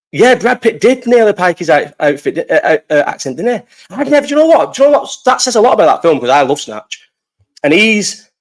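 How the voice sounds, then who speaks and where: A man's voice: medium pitch, fairly bright tone. A young man, hosting a casual live-stream chat, swearing freely and often trailing off mid-sentence. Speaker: host.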